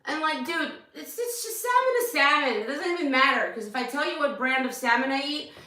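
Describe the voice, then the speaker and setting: A woman fitness coach talking casually to her followers, tearful and rambling, with quick bursts and laughs. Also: high-pitched, animated, sharp tone, far from the mic. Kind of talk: emotional casual talk to followers. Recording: echoey room, voice off-mic.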